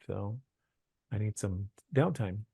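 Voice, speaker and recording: A man's voice: fairly low pitch, slow pace, creaky, mellow, husky, no room sound, studio quality. A man hosting a church podcast in a casual, chatty way, rambling a little with fillers and asides. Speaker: church podcast host and musician.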